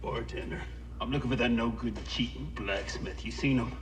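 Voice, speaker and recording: An actor playing a menacing, loud-mouthed Old West outlaw with a sneering, bullying drawl, heard in a film clip. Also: male voice, medium pitch, moderate pace, natural voice. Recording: distant film clip with background noise.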